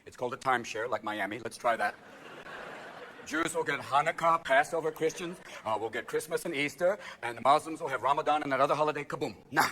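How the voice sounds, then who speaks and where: A man doing a manic, rapid-fire live stand-up routine on a theatre stage, jumping in and out of voices as the audience laughs. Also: a little high, background noise. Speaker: stand-up comedian.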